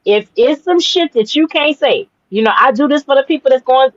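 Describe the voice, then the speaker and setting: A woman with a slightly high voice speaks bluntly and with emphasis as a podcast co-host. Her audio sounds dull and dry. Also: expressive, brisk, no room sound. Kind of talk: casual podcast talk.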